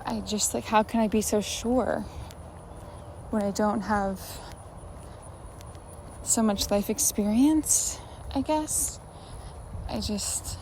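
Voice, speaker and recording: A woman's voice: mid-range voice, mellow, distant mic. A young woman in her twenties chats to her phone camera at home, rambling and anxious, with a self-mocking edge. Her voice sits mid-range. The room is echoey, with faint noise behind her. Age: 20s. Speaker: vlogger. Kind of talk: casual vlog chat. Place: room at home, moving around while working out. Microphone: phone camera, sometimes from across the room.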